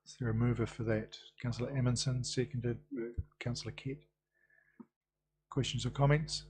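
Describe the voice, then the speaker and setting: A man chairing a council committee meeting, brisk and procedural with dry quips. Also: medium pitch, steady tone, darkish tone, a little hiss or hum. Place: council chamber.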